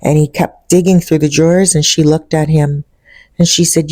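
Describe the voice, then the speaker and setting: A woman's voice: low voice, fairly even intonation, moderate pace, a little mellow, no echo. A woman telling a story in a chatty way, speaking directly to her listeners. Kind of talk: casual storytime vlog.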